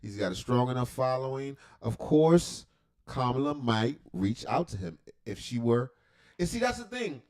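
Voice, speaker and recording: Lively, rambling man reacting on stream. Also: medium pitch, moderate pace, vocal fry. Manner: rambling, profane, joking asides. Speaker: livestream reaction host. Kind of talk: casual reaction commentary.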